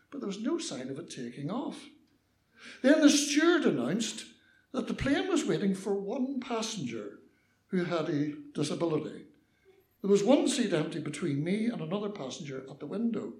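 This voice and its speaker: A man's voice: sits high, very animated, moderate pace, a little mellow, reverberant. An older Northern Irish man telling a personal story with mischievous liveliness, acting out the voices.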